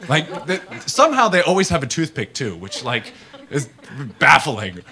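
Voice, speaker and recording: A man gives a casual, animated talk to an audience, full of fillers and acted-out voices. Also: a little high, normal speed. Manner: animated storyteller, acts out people in funny voices. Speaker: startup founder giving a talk.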